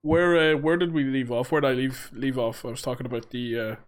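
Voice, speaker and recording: A man's voice: mid-range voice, steady tone, brisk. A young man co-hosting a casual podcast, rambling with lots of fillers and casual swearing. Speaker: podcast co-host. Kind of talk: casual chat.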